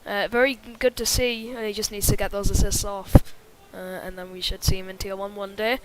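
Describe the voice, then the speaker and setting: A woman's voice: medium pitch, level tone, a little fast, heavy background noise. A woman doing live commentary on an online racing league, chatty and full of fillers, reading viewer chat as she goes. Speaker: race commentator.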